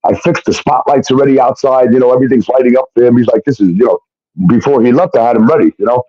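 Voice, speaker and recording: A man's voice: medium pitch, fast talker, mellow. A man telling a personal story in a heated, casual way, acting out what others said and swearing often. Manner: heated, swearing, acts out quotes. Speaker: guest telling his story. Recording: dull lo-fi sound.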